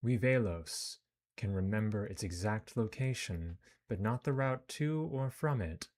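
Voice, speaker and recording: A man voicing a mysterious, soft-spoken male psychic wanderer who speaks in a lyrical, earnest, courteous way, reading him from a space game. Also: lowish voice, animated, a little slow, pitched above the performer's own voice.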